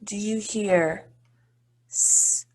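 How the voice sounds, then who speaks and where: A woman's voice: mid-range voice, fairly even intonation, very slow. A woman teaching a phonics lesson to young children, patient and encouraging, drawing out each word.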